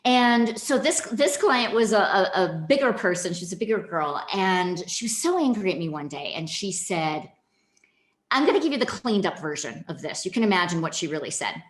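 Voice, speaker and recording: A woman's voice: on the low side, expressive, brisk. A woman giving a keynote training presentation, speaking directly and animatedly to her audience. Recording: echoey room.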